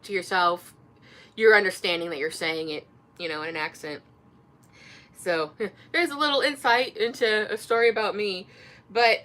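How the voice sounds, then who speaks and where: Woman, Indiana accent, bright voice, rambling casual vlog chat, lots of fillers. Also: mid-range voice. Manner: rambling, many fillers and restarts. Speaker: author and vlogger.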